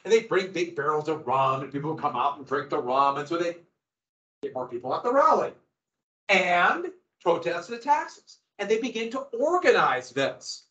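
A man teaching a history class, lecturing in an animated way and quizzing his students as he goes. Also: fairly high pitch, normal speed. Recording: echoey room, dull lo-fi sound.

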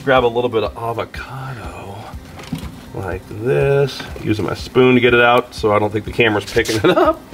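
A man's voice: medium pitch, expressive, normal speed, a bit bright. A middle-aged man hosting a casual cooking video in his garage, chatty and laughing often. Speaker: griddle cooking video host. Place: home garage.

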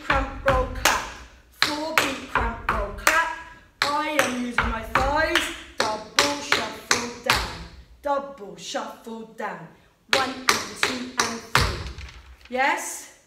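A woman's voice: high-pitched, heavy background noise. A woman leading a live tap dance class, counting beats in a sing-song way and encouraging her students. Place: dance studio. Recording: echoey room, mic far off, loud tapping. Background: tap shoes clicking.

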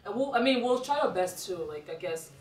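A young student speaking in an upbeat way during an interview, pausing to search for words. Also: mid-range voice, lively intonation. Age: young adult. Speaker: student group member. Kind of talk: interview talk. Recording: distant mic, roomy echo.

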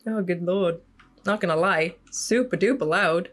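A woman's voice: on the low side, normal speed. A young woman commenting on a horror game. She gets jumpy, swears, laughs nervously and shrieks when chased. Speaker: gaming YouTuber.

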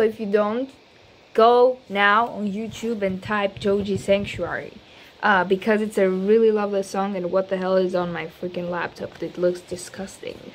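A woman chatting casually to her viewers before singing a cover, rambling, giggly and self-deprecating, stumbling over her words. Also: mid-range voice. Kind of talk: casual chat.

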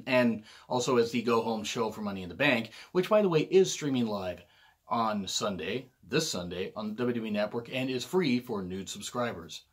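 A man's voice: lowish voice, expressive, normal speed, slightly rough. Rambling, jokey man reviewing a show. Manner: rambling, jokey, self-correcting. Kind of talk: casual solo review vlog.

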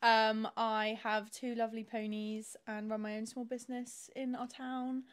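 Bubbly woman in her twenties, fairly high voice, laughs easily, chatty podcast guest. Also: little pitch movement, moderate pace. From South Africa. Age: 20s. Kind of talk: casual chat.

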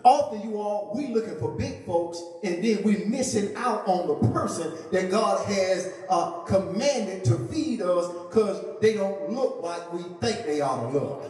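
Pastor, high voice, jokey sermon, booming echoey church from a distant mic. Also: male voice, lively intonation, a little slow, hardly any pauses. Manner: playful, joking with the congregation, rising to a shout. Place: church sanctuary.

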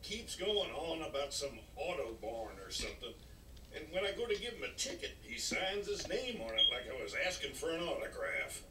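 An actor playing a grumpy male sheriff police car who talks in a gruff, complaining way. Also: on the high side, big pitch swings, moderate pace. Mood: annoyed. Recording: echoey game audio from far off with noise.

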